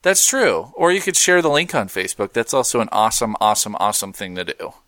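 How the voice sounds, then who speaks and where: Lively joking male podcast host. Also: fairly low pitch, fast, no echo. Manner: animated, joking, laughs easily. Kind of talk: casual podcast banter.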